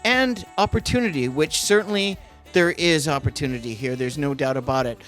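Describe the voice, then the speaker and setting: A man's voice: fairly high pitch, a little fast, fairly bright tone, faint music behind. A middle-aged Canadian man co-hosting a casual podcast, talking in an earnest, patriotic way with some restarts. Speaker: podcast co-host.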